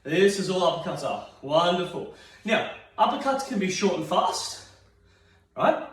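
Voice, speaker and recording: A man's voice: high voice, big pitch swings, unhurried. An Australian man leading a seated exercise class, upbeat and encouraging, counting reps aloud and getting out of breath. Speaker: fitness instructor. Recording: very echoey room, mic far off.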